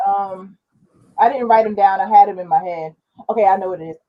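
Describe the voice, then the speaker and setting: A woman's voice: mid-range voice, a little fast, dull audio. A woman talking on a panel show in casual conversation, trailing off and restarting now and then.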